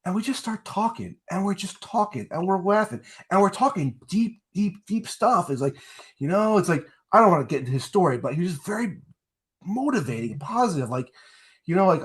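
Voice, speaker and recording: A man's voice: high voice, brisk. Man from New Jersey, interview guest, chatty storyteller who repeats himself. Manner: rambling, repeats words, animated when telling stories. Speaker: guest, former pro wrestler.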